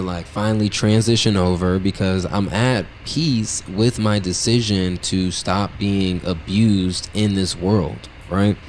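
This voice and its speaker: A man's voice: sits low, a little mellow, a little hiss or hum. Blunt, profane storytelling man. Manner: blunt, profane, brutally honest; loose and rambling, heavy with "like" and "right?". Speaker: podcast host. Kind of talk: casual storytelling monologue.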